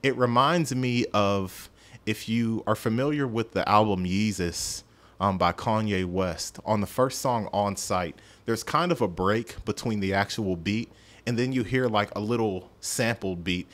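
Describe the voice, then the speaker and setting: A man hosts a casual podcast music review in a somewhat low voice. He rambles and pokes fun at himself, often stumbling over his words as he goes. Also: unhurried, a bit bright. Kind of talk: casual solo review chat.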